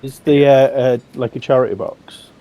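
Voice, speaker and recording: A man playing a tabletop game, stating his actions quickly and a little tentatively. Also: mid-range voice, steady tone, lo-fi sound, faint music behind. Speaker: player. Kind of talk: tabletop play.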